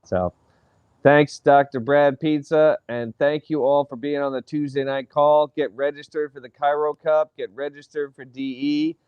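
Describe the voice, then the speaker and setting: Friendly host on dull dry call audio. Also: male voice, a little high, steady tone, normal speed, clean tone, dry recording. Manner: friendly, filler-heavy with "you know". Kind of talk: casual call hosting.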